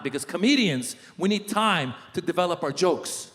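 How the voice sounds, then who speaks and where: A man performing a stand-up comedy set, telling stories with animated, acted-out voices on stage. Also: fairly high pitch, fast talker, few pauses, big-room sound. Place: comedy stage before a live audience.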